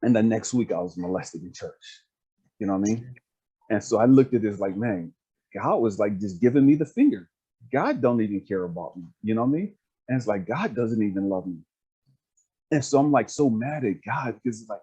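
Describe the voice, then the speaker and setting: A man's voice: fairly low pitch, lively intonation, brisk, dark tone, husky, dull audio. A man telling a personal story over a video call in an earnest, emphatic way, repeating phrases and often asking "you know what I mean?". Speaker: speaker and life coach.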